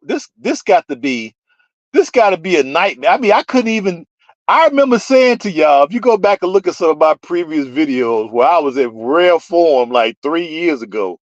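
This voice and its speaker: A vlogger ranting to viewers in an animated, profane way, laughing often. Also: medium pitch, no echo, highs cut off.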